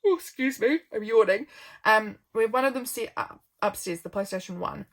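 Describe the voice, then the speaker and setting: A woman's voice: medium pitch, normal speed. Young kiwi woman rambling chattily through her journal, sleepy, keeps yawning. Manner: rambling, friendly, stops for frequent yawns. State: tired, yawning. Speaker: vlogger.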